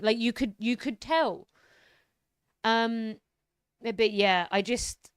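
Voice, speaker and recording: A woman's voice: medium pitch, clean tone, no room sound, studio quality. A young woman streamer ranting animatedly about politics, swearing freely and talking to her chat by name. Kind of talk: casual political rant on stream.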